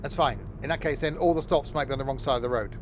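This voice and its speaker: A man's voice: medium pitch, fast talker, background noise. A man giving rambling, self-mocking commentary while playing a driving game. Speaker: gaming streamer. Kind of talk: casual gameplay commentary.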